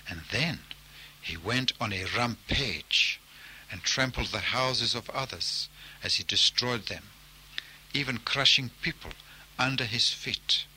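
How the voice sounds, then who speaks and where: A man telling a folk tale with slow, measured care. His voice is very bright and ringing, and he lets each phrase land before moving on. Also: medium pitch, a little hiss or hum, low-quality recording. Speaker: narrator. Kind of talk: storytelling narration.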